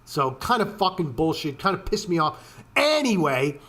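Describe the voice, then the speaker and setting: A trading video host runs a casual screen-share of trading charts, ranting profanely with plenty of swearing and filler words. His voice is a little high and a bit bright, very animated, at a moderate pace.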